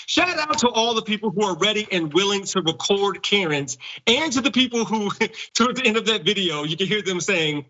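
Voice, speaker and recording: A man's voice: sits high, expressive, normal speed, sharp tone, dull audio. A man co-hosting a talk show, giving amused, conversational commentary. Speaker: co-host. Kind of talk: casual commentary.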